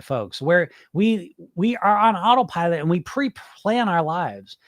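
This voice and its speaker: A man's voice: sits high, no echo, studio quality. A man hosting a podcast as a hypnotist, talking casually and bluntly to his live chat, swearing and firing off rhetorical questions. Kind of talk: casual live-stream talk answering chat comments.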